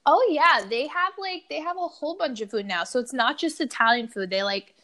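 Woman, casual podcast co-host, chatty storyteller, fairly high pitch. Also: fairly quick. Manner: chatty, animated storytelling with many "like" fillers. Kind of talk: casual chat.

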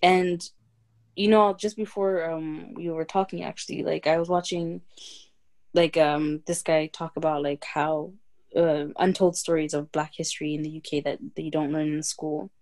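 A woman's voice: deep voice, fairly even intonation, normal speed, a little mellow. A young woman co-hosting a podcast, talking in a rambling casual way full of fillers. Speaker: podcast co-host. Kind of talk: casual chat.

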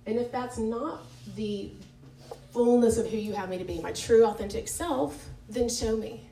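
A woman's voice: on the high side, unhurried, mellow, slight background noise. A woman leading a Bible study in a church meeting room, talking in a candid, conversational way with many fillers and self-corrections. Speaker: women's Bible study leader. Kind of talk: informal devotional teaching talk. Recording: echoey room, picked up from a distance.

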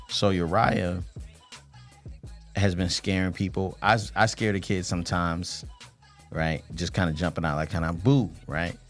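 A man in his thirties co-hosting a marriage podcast, telling a family story in a loose, animated, slangy way. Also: sits low. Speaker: podcast co-host. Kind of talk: casual chat.

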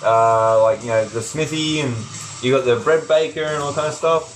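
A man's voice: mid-range voice, normal speed, soft background music, rough recording. A man narrating a tabletop game as game master, rambling with many fillers.

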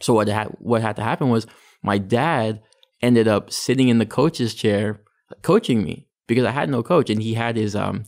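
Gravelly-voiced Canadian man telling his story. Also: fairly low pitch, moderate pace, darkish tone. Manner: chatty, fills with "like" and "you know". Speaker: guest, taekwondo athlete and sports psychology practitioner. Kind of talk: casual interview storytelling.

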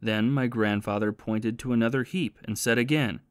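A man's voice: mid-range voice, steady tone, moderate pace, clean tone, no room sound, studio quality, close to an everyday voice. A man voicing a remorseful former soldier and thief who confesses his past in a plain storytelling manner.

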